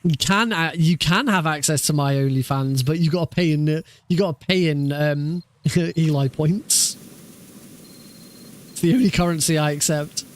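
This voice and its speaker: A man's voice: fairly high pitch, normal speed, a little hiss or hum. Laughing, swearing gamer man on stream. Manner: laughs often, swears, banters with chat. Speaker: speedrunner streamer. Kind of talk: casual live-stream chat.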